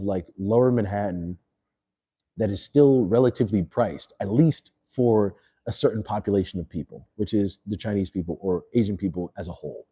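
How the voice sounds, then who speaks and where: A man's voice: fairly low pitch, mellow, husky. A man hosting a livestream, talking loosely and slangily to his chat after a few beers. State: a little tipsy. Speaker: livestream host. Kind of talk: casual livestream rant.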